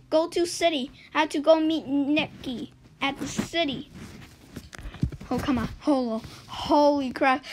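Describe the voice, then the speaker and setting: A woman giving let's-play game commentary as a YouTuber, swinging between loud excited yelps and low muttered asides. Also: a little slow, slight background noise, poor audio. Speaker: gaming YouTuber.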